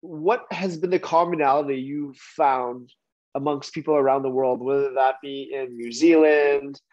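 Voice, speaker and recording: A podcast host with a mid-pitched voice, asking his guest measured, earnest questions. His sound is dull and lo-fi. It is also dry, with no room around it. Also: fairly even intonation, a little mellow, no room sound. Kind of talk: interview questions.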